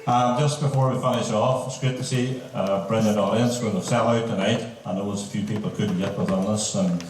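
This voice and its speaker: A man's voice: on the low side, fairly even intonation, fairly quick, slight background noise. A man, cheerfully thanking a concert audience and introducing the last song. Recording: echoey hall with loud crowd, far off.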